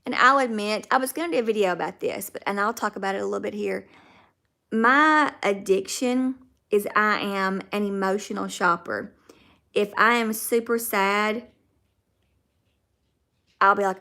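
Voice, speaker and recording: A woman's voice: mid-range voice, moderate pace, pauses often, sharp tone. A woman with a Southern US accent, hosting a casual livestream and chatting with viewers by name. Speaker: livestream host. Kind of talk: casual livestream chat reading viewer comments.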